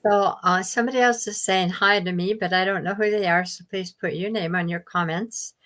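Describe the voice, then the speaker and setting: A woman's voice: mid-range voice, steady tone, a little fast, a bit bright. A woman hosting a live video interview, friendly and encouraging toward her guest. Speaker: interview host.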